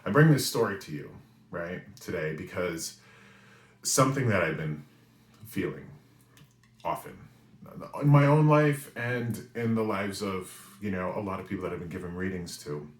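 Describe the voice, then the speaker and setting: A man in his forties from New England, with a very low voice, tells a story in an animated way. He often pauses to ask "right?" The recording sounds roomy and echoey. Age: 40s. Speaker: spiritual reader and weekly message host. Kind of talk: storytelling monologue. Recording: roomy echo.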